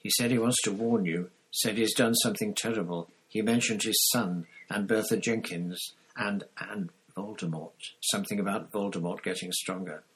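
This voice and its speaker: A low-voiced, husky man voicing a panicky teenage boy wizard in a storybook reading, raising his pitch and pushing the words out urgently. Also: steady tone, a bit bright, a little hiss or hum, natural voice, poor audio. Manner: raised, hurried, pleading delivery.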